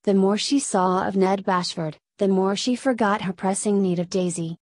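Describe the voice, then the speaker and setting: A woman's voice: mid-range voice, fairly even intonation, darkish tone, no room sound. Woman telling a story in a dry, close voice. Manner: measured storytelling. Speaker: narrator. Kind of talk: scripted narration.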